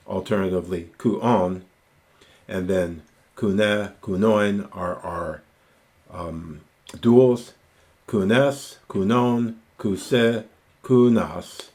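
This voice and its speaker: Guy teaching greek grammar, talks real slow, lowish voice, spells out every form. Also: a little mellow. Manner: slow, deliberate, spelling out word forms; enthusiastic aside about grammar rules. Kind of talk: recorded lecture.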